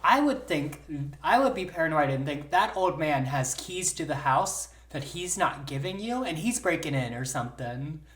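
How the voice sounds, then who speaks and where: Podcast co-host, woman, deep register, blunt reactions, roomy sound. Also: expressive. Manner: blunt, swears freely, reacts with quick asides. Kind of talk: casual chat.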